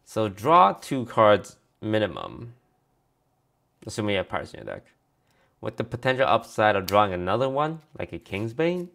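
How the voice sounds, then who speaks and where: A man with a low, gravelly voice talks through a card review in a loose, casual stream. He reads card text aloud and tosses offhand replies to viewers between cards. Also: huge pitch swings, moderate pace, fairly bright tone.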